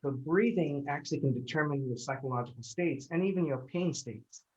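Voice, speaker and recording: A pain psychologist explaining his approach in conversation, hesitant and full of fillers and restarts. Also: on the high side. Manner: halting, many fillers and restarts. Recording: dull lo-fi audio.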